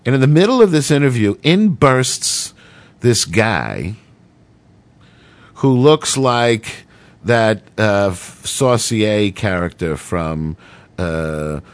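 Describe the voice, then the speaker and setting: A man's voice: on the low side, big pitch swings, takes it slowly, no room sound. A middle-aged man telling a long personal story in a rambling, profane way, full of fillers. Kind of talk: casual monologue.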